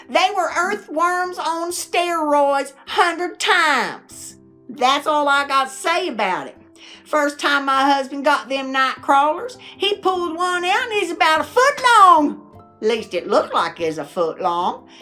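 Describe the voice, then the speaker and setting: A middle-aged woman, telling folksy stories to camera in a chatty, animated way and laughing often. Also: high voice. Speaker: vlogger.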